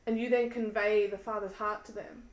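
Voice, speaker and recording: A woman's voice: mid-range voice, level tone, brisk. Earnest woman in an echoey room. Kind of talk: casual faith chat. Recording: echoey room with faint noise.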